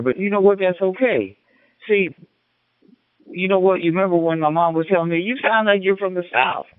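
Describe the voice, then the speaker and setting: A man's voice: medium pitch, dry recording. Folksy man over a tinny radio. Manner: rambling, folksy, many restarts. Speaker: ham radio operator. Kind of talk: casual radio chat.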